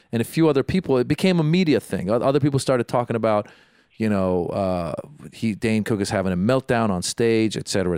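A man's voice: lowish voice, darkish tone, smooth, no room sound, studio quality. A man, a stand-up comedian co-hosting a podcast, telling stories in casual chat with frequent restarts. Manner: rambling, storytelling with many restarts.

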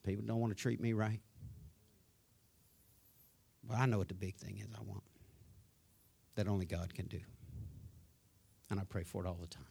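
A middle-aged man preaching a sermon as a pastor, rising to loud emphatic declarations and dropping to a soft, subdued voice when telling a personal story. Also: on the low side, level tone, normal speed, vocal fry, pauses often, breathy edge.

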